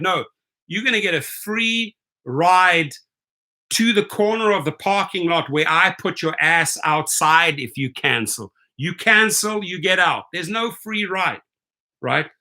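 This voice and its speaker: A man hosting a video, reading viewer comments aloud and reacting in a blunt, animated, emphatic way with some profanity. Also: sits high, unhurried. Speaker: host.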